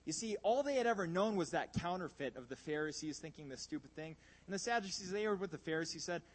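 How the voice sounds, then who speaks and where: A man preaching a sermon, animated and emphatic, swinging between loud bursts and hushed asides. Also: a little high, fast talker, hardly any pauses, husky.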